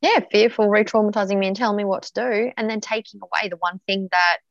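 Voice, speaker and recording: A woman speaks frankly about her own life in a slightly low, gravelly voice. The sound is dry and a little dull, as if lo-fi. She swears easily and circles back with fillers and restarts. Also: quick pace, dry recording. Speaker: podcast guest. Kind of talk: candid personal storytelling.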